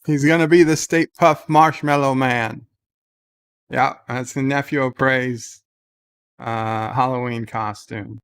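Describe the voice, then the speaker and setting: A man's voice: mid-range voice, fairly even intonation, takes it slowly, fairly bright tone, clear, resonant tone. A man hosting a casual livestream who reads out viewer messages and rambles with sardonic asides and frequent restarts. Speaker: livestream host.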